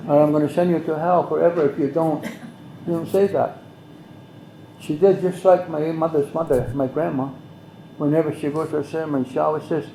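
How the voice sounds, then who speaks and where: An older man, slowly telling a traditional story as an elder guest, with measured, repeated phrases. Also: fairly high pitch, fairly even intonation, creaky, warm tone, slight background noise. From Mohawk Valley, New York. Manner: measured, repetitive, speaks some phrases in Mohawk. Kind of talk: slow oral storytelling. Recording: roomy echo.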